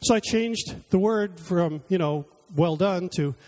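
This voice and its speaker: A man with a high, slightly mellow voice preaches in an unhurried, conversational way, sharing personal stories and acting out his own conversations with God before leading a closing prayer.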